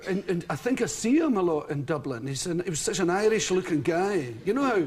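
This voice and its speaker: A man's voice: sits high, animated, fairly quick, a little mellow. A Scottish man telling comic stories as a talk show guest, laughing through them. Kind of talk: comic storytelling. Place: television studio with audience.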